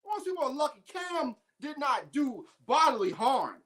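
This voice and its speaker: Female sports-show host, higher register, emphatic and fired up, solo opinion commentary. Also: very animated, moderate pace, very noisy. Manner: heated, ranting, emphatic.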